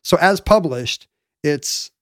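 A man in casual chat, explaining a bit of history in an animated way with lots of fillers and restarts. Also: fairly high pitch, slow, no echo, clean studio sound.

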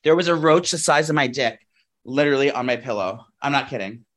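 A man's voice: medium pitch, animated, fairly quick, a bit bright. A man co-hosting a podcast, chatting casually and rambling with lots of fillers, restarts and swearing. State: out of breath. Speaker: podcast co-host. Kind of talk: casual chat. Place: New York apartment.

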